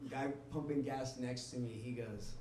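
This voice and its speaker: A man's voice: medium pitch, steady tone, normal speed, warm tone, a little hiss or hum. A male stand-up comedian rambling through a profane, laughing set and talking to the crowd. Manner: talks to the crowd. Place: comedy club stage. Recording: echoey room recorded from a distance.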